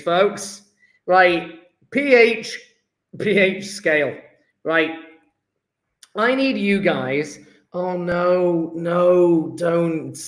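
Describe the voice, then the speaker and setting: A man's voice: on the high side, a bit bright. A man teaching a live online chemistry lesson, rambling and joking with self-deprecating asides as he answers students' chat. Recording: echoey room.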